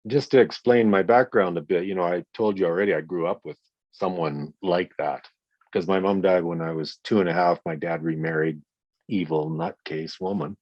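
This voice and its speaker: A man in his sixties speaks bluntly and forcefully in an interview and curses freely. His voice sits a little low. The recording is dry and slightly dull. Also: fairly even intonation, moderate pace, dry recording. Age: 60s. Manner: blunt, profane, emphatic storytelling. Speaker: guest, victim's father. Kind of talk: interview conversation.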